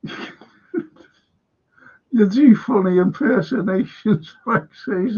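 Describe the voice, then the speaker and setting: A man's voice: high-pitched, slow pace, dark tone, slightly rough. A middle-aged man hosting a casual live stream, reading viewer comments aloud with a chuckle and the odd swear. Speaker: podcast host reading live chat. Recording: dull lo-fi stream audio.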